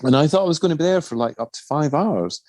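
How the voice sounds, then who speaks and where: A man's voice: on the high side, lively intonation, quick pace, darkish tone, dry recording. A man co-hosting a podcast in casual chat, chatty and self-mocking, often breaking into giggles. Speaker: podcast co-host.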